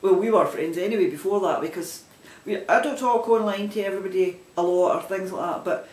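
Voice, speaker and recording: A man's voice: high-pitched, fairly quick. A man with a broad Glaswegian accent who hosts a knitting podcast, rambling chattily and restarting his sentences in a casual vlog. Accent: Glaswegian Scottish. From Scotland. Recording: roomy echo.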